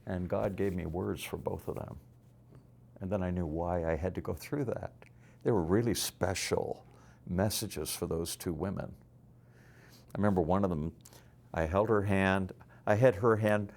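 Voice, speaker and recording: Older male guest, very low-pitched, earnest and halting testimony. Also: creaky, a little mellow. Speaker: guest, business leader. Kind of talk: personal storytelling.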